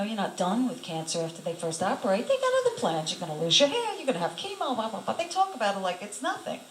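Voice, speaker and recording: A woman's voice: mid-range voice, a little hiss or hum. Earnest woman recounting a testimony, roomy sound. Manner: emotional, earnest storytelling; acts out her own inner thoughts in quoted asides. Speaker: songwriter and singer. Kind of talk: personal testimony told to camera. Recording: roomy echo with faint ambience.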